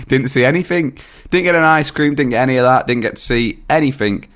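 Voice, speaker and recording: A man, chatting on a podcast with dry, relaxed anecdotes. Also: medium pitch, a little fast. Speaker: podcast co-host. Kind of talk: casual chat.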